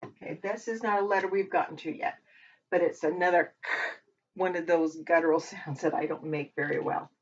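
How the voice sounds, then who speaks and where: A woman teaching a language lesson who talks while she writes, pausing and correcting herself as she goes. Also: lowish voice, fairly even intonation. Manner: talks while writing, with pauses and self-corrections. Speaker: Hebrew teacher. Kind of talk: slow, patient lesson at a whiteboard. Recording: dull lo-fi recording.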